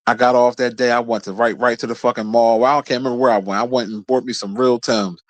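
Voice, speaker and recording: A man's voice: fast talker, no room sound. Profane Philadelphia man telling stories. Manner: profane, laughing storyteller, lively bursts of pitch. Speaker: podcast host. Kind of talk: casual storytelling.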